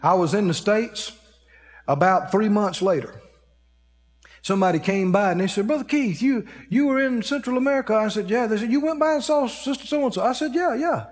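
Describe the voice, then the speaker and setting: A man's voice: sits high, brisk. A man preaching a sermon, telling a story and acting out the voices of the people in it. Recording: long hall reverb.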